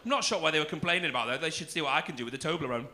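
A man's voice: fairly high pitch, rapid-fire, pushed and bright. Camp comic in his forties. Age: 40s. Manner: camp, cheeky crowd work with swearing. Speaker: stand-up comedian. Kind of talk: stand-up comedy set. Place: comedy club stage. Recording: noisy club room with audience. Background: audience laughter.

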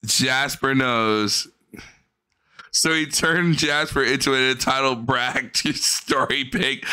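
A man's voice: fairly high pitch, bright, forceful tone, clear, resonant tone. A man casually commenting on a clip, profane and mocking, often mimicking the cat in voices.

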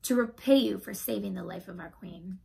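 A woman's voice: mid-range voice, moderate pace, creaky, a little mellow, breathy edge, full character voice. A woman reading as eager little field mice.

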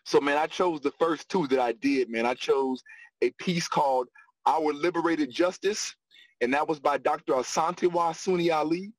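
A man telling stories about his acting start in a casual interview, animated and quick to laugh. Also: a little high, no echo, low-quality recording. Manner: animated, laughs often, repeats phrases. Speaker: guest, actor and acting coach.

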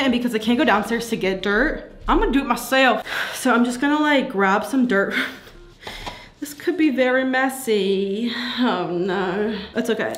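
Giggly woman vlogging from home. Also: on the high side. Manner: chatty, giggly, swears casually. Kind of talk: casual vlog chat to camera. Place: at home, indoors.

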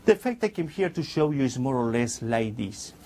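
A man's voice: mid-range voice, big pitch swings, brisk, warm tone. A man performing as a stage magician, chatting playfully with the audience in slightly broken English.

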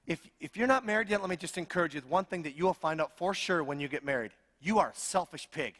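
A man's voice: on the high side, expressive, fast, fairly bright tone, in a large hall. A middle-aged man preaching a sermon as pastor, with humorous, self-deprecating storytelling.

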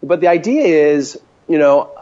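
A man talking as an interview guest over a call, an animated storyteller full of fillers, standing at a home counter. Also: on the high side, normal speed. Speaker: guest, mobility coach. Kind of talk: casual interview by phone call. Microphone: phone or call line. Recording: dull lo-fi call audio.

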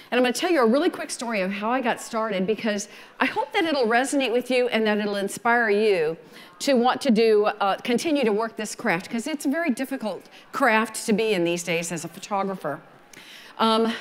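A woman in her sixties with a Southern American accent, telling her story at a photography conference in a folksy, animated way. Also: a little high, long reverb tail. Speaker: photography speaker. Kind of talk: conference talk.

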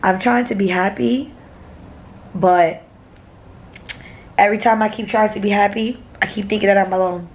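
A woman's voice: medium pitch, fairly even intonation, moderate pace, pauses often. A young woman from New York vlogging casually from an airport and a hotel room, blunt and profane, speaking into a phone at arm's length. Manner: blunt and profane, tearful at times. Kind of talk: casual vlog.

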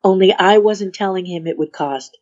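A woman's voice: medium pitch, normal speed, darkish tone. A woman telling a story as a podcast guest, dramatic and acting out the voices of the people in it. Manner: dramatic, acts out voices and whispers in her anecdotes. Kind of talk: animated storytelling in a podcast interview. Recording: dull lo-fi sound.

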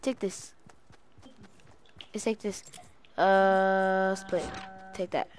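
A woman giving excitable, chatty, rambling commentary while playing a game with friends. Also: mid-range voice, drawn-out words, faint music behind. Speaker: gaming video host. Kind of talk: casual gameplay commentary.

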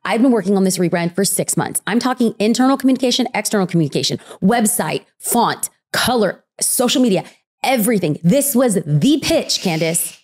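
A woman in her thirties, a podcast guest telling a personal story in an animated conversational way, acting out quotes. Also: a little fast. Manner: animated, acts out quotes with big pitch jumps.

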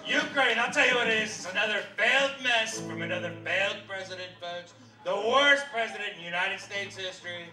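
A man puts on a boastful older politician who brags and keeps saying folks. The voice sits high and lands from across an echoey room, with music behind. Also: fairly quick, hardly any pauses, bright, forceful tone, far from the mic. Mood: ranting. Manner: bragging, repeats "folks" and "tremendous". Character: brash boastful male politician impression, older. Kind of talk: comedy sketch impression.

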